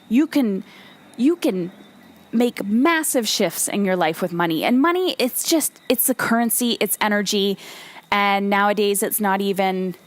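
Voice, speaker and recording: A woman hosting a solo motivational podcast, talking emphatically and bluntly, with some swearing and repeated phrases for emphasis. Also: mid-range voice. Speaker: podcast host and coach.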